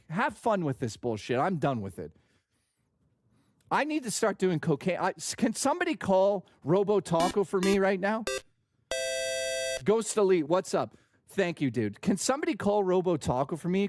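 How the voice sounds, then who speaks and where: A man's voice: high voice, sing-song, normal speed, darkish tone, dry recording, clean studio sound. A man hosting a live stream, ranting in a heated, profane, worked-up way. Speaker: streamer host.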